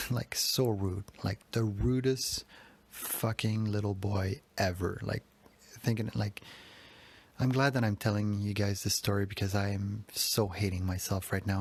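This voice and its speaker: Gravelly, husky man telling a candid story. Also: fairly low pitch. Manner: rambling, self-critical, swears freely. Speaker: podcast guest telling his story.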